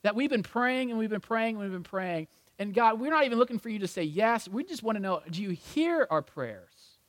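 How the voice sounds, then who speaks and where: A man's voice: high voice, expressive, a little fast. A male pastor preaching a sermon in a church with humorous, conversational storytelling. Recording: long reverb in a large hall.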